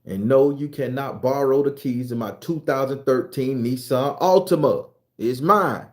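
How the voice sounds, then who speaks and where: A man's voice: medium pitch, measured pace, darkish tone. A man from the United States ranting bluntly and profanely in a casual monologue, working himself up as he goes. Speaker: commentator.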